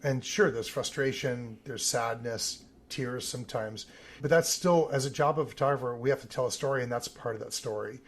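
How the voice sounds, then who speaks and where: A man, an Olympic team photographer, telling animated stories in an interview. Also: mid-range voice, moderate pace. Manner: animated anecdotal telling with some vivid emphasis. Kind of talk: interview storytelling.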